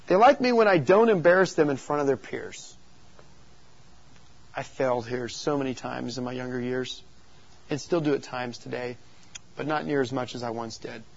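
A man's voice: medium pitch, moderate pace, vocal fry, pauses often, dull audio. A man who works as a youth pastor, speaking to other youth workers and telling stories animatedly. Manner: animated storytelling, acts out voices in quotes.

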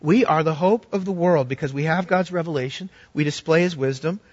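A man preaching a sermon as pastor, telling a story earnestly and swinging from loud to hushed. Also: fairly high pitch, fairly quick, dry recording, dull audio.

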